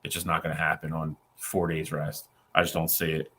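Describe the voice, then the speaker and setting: A man on a sports podcast gives his opinions bluntly and matter-of-factly. His voice sits low in pitch. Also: monotone, brisk, sharp tone, slightly rough. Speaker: podcast co-host. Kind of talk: casual sports podcast talk.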